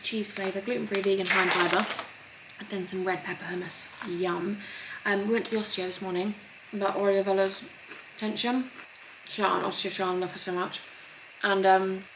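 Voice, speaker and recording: Chatty woman with a gravelly voice. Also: medium pitch, a bit bright, a little hiss or hum. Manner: chatty, emotional, confessional. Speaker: vlogger. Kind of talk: casual chat.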